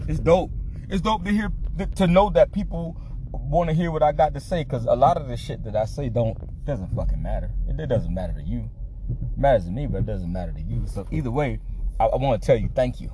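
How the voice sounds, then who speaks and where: A man's voice: on the high side, background noise. A man hosting a podcast in a loose, profane, joking monologue. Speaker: podcast host. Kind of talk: casual monologue.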